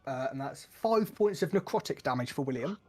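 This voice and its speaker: A man running a tabletop game as game master, playful and quick to laugh. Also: medium pitch, expressive, a little mellow.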